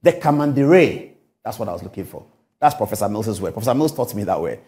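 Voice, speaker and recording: A man's voice: lowish voice, lively intonation, fast, dark tone. A middle-aged man hosting a TV talk show, giving emphatic political commentary full of rhetorical questions. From Ghana.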